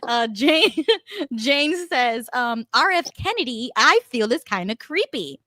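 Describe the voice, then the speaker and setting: A woman's voice: high voice, big pitch swings, takes it slowly, sharp tone, no room sound. A woman co-hosting a casual political talk stream, chatting, laughing often and reading out viewer comments. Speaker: co-host.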